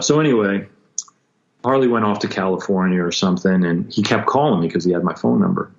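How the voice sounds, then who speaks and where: A man recounting a painful story as a podcast guest, intense and halting, with frequent restarts and acted-out quotes. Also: low-pitched, creaky. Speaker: guest musician. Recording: dull lo-fi sound.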